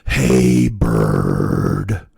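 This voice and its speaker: A man puts on a sleepy, heavy-lidded politician who drones in a very deep voice. Every word comes out slow and deliberate, as if pushed uphill. The sound is close and dry. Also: wildly swooping pitch, creaky, dark tone, husky, no echo, exaggerated voice. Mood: droning.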